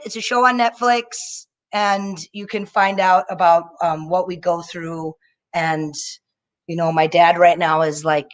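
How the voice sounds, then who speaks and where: A young woman performing a stand-up set over a live video stream, telling stories in an animated way and slipping into mocking voices. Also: medium pitch. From Indian family. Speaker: stand-up comedian.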